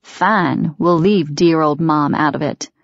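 A woman's voice: sits low, slow, creaky, dry recording, exaggerated voice. A woman reading as a fanatical, contemptuous middle-aged father, a villain in an audiobook who sneers and threatens. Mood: menacing. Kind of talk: audiobook character voice. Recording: dry, dull lo-fi recording.

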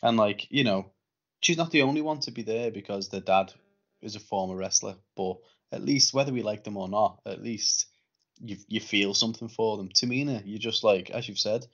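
A man's voice: on the low side, moderate pace, a bit bright. A man co-hosting a podcast, chatting casually and swearing a lot in an exasperated way. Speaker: podcast co-host. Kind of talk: casual wrestling chat. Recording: dull lo-fi podcast audio.

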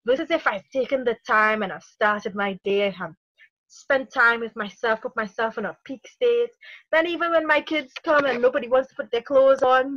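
A woman coaching on parenting in a podcast interview, energetic, acting out inner thoughts as little quoted lines. Her voice sits a little high. The recording is dry and a little dull. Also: moderate pace, no room sound.

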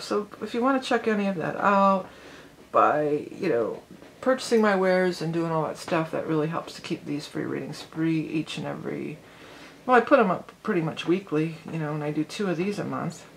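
A woman's voice: lowish voice, a little fast, vocal fry, a little hiss or hum. A middle-aged woman hosting an astrology channel, chatting casually and rambling with lots of "you know". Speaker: psychic astrology channel host.

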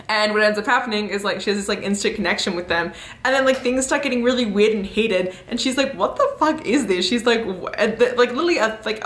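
A young woman chats through a book review vlog with lively, animated energy, tossing in fillers and laughing along the way. Her voice sits mid-range, and the room around her rings with a noticeable echo. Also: medium pitch. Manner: chatty and animated, many fillers, laughs often. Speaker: book vlogger.

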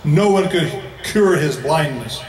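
A man with an American accent preaching an emphatic evangelistic sermon to a large crowd, slowing down to stress key phrases. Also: a little high, animated. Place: large indoor event venue. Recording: echoey hall, voice from far off.

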